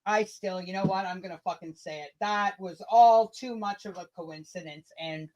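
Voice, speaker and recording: A woman's voice: mid-range voice, normal speed, a little mellow. A woman co-hosting a casual podcast chat, indignant, sarcastic and profane. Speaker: podcast co-host.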